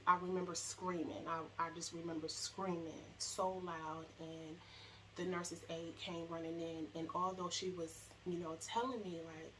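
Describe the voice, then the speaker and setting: A young woman telling her own story, halting and emotional, with many fillers and restarts. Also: fairly low pitch, a bit bright, a little hiss or hum, low-quality recording. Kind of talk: personal storytelling to camera.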